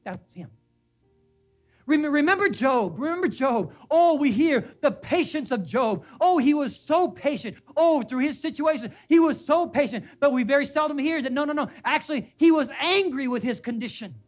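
A man's voice: very high-pitched, animated, moderate pace, hardly any pauses, faint music behind. A male pastor preaching a sermon in a church. He repeats names and phrases for emphasis and puts questions to the congregation. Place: church sanctuary.

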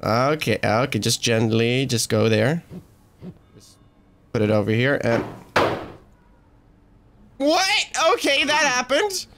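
A man hosting a let's play, commenting on his game and getting frustrated, swearing, talking himself down and shouting at the game. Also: mid-range voice, big pitch swings, slow, long pauses, a little hiss or hum. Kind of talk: gaming commentary.

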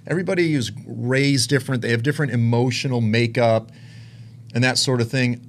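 A man preaching, telling a personal story with emotion, dropping to hushed tones and rising to intense ones. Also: mid-range voice, fairly even intonation, fairly quick. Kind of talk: sermon testimony.

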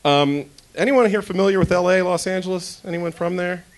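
A man's voice: sits high, a little fast. A man from Denver doing a stand-up comedy set on a club stage, chatty and crude, often interrupting himself.

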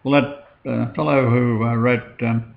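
Gravelly-voiced man chatting hesitantly. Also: medium pitch, level tone, unhurried. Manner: hesitant, with many fillers. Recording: dull lo-fi recording.

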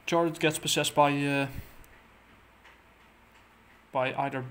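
A man casually recapping a comic book plot, halting and full of fillers and restarts. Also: on the high side, fairly even intonation, a bit bright.

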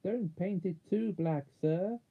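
A man's voice: sits high, slow pace, creaky, husky, voice pushed up, exaggerated voice. A man voicing a gloomy male marsh creature who grumbles mournfully, in a storybook reading. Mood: glum. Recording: narrow phone-like sound.

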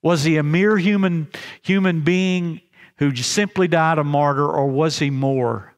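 A man preaching a sermon as pastor, earnest, with halting restarts, slowing down for emphasis. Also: a little high. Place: chapel. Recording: long reverb in a chapel.

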